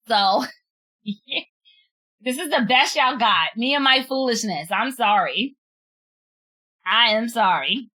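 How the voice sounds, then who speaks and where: With a sharp voice on the high side, a female streamer unboxes something while chatting casually. She giggles, teases herself, and stretches out the French words she attempts.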